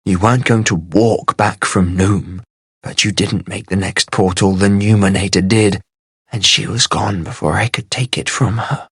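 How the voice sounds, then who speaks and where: A man's voice: deep voice, fairly even intonation, moderate pace, fairly bright tone, husky, dry recording, studio quality, heavily acted. A man voicing a proud, secretive sorceress in an audiobook, speaking in a cold, guarded, weary way. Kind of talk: audiobook character voice.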